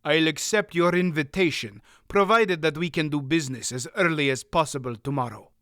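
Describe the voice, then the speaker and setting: A man's voice: a little high, a little fast, a bit bright, dry recording, clean studio sound, close to an everyday voice. A man reading as a cold, curt, scarred foreign male merchant with a heavy accent.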